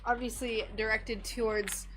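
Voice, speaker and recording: A woman's voice: on the high side, steady tone, unhurried, fairly bright tone, slight background noise. A woman chatting casually with viewers on a stained glass craft livestream, reacting to messages with a giggly, chatty manner from her workspace. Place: home craft workspace under bright lights.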